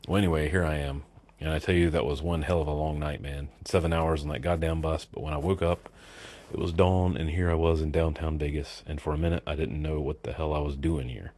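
A man's voice: a bass voice, level tone, fairly quick, a little mellow. A man voicing a rowdy, drunk middle-aged biker who rambles profanely. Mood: boozy rambling.

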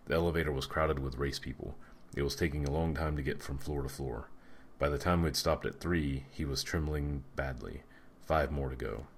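Very deep-voiced male audiobook narrator. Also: fairly even intonation, moderate pace, a little hiss or hum.

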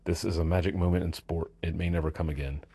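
A man's voice: sits low, fairly even intonation, fast talker, dark tone, slightly rough. A man voicing a drunk, pompous male sports reporter who speaks with grand authority. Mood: grandiose drunk.

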